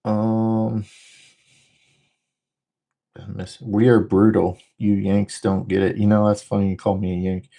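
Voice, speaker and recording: A man from the northern United States hosting a casual livestream, talking fast and rambling through jokes while he reads out viewer comments. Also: lowish voice, little pitch movement, creaky, mellow. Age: adult, former military. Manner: rambling, joking, talks fast. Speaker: livestream host.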